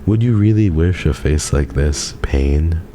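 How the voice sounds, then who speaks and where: A young man talks to his stream audience in a playful, teasing, mock-dramatic way. His voice sits extremely low and sounds dark and mellow. A faint hiss runs under his desk mic. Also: animated, unhurried. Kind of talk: casual live-stream chat with chat.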